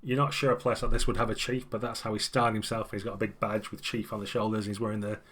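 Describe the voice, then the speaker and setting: A man's voice: lowish voice, level tone, quick pace, fairly bright tone, breathy edge. A man running a tabletop game as game master, narrating scenes in a loose, chatty way.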